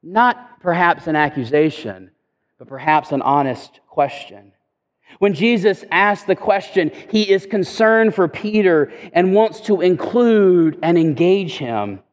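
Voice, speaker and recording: A man's voice: sits high, lively intonation, measured pace, muffled recording. A man preaching a sermon in a conversational way, often repeating words as he goes. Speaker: pastor. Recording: echoey hall reverb.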